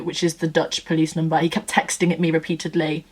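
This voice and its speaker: Chatty woman, lowish voice. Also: fast, few pauses. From Nottingham, England. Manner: chatty, gushing, acts out quotes. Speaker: vlogger. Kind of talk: casual storytelling chat.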